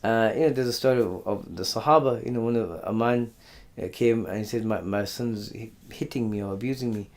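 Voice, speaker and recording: A man giving a conversational religious lesson. He often repeats words and clears his throat. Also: lowish voice, brisk, a little mellow. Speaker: Islamic teacher. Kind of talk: religious lesson on Quran stories.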